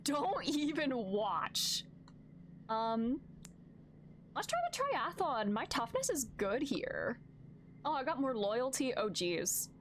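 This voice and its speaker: A woman's voice: sits high, big pitch swings, slow, slight background noise. A young woman streaming a narrative game, making chatty, joking asides while reading it aloud. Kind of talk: casual game let's-play commentary.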